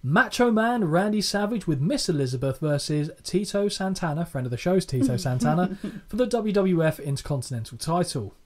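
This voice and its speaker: A man's voice: high-pitched, animated, a little fast, hardly any pauses, a little mellow. A man co-hosting a podcast, recapping old wrestling in casual chat, swearing freely and laughing often. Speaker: podcast co-host.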